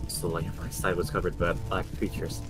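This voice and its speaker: A man narrates a first-person horror story in a fairly low voice, reading with dramatic weight. Music plays clearly behind him. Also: level tone, moderate pace. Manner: dramatic, acting out fear and desperation.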